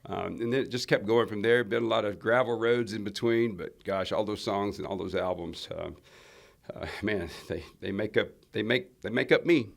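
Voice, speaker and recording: A man's voice: fairly low pitch, moderate pace, gravelly. A man from Alabama, a country singer telling rambling stories in a casual interview. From Alabama, USA. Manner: rambling storyteller, many restarts and fillers.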